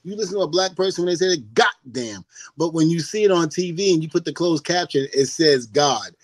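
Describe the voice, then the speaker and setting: An older man from the United States, a podcast guest telling stories in a loose, animated way, laughing often and swearing freely. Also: on the high side, quick pace, dry recording. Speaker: guest, former wrestler. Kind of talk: casual podcast chat.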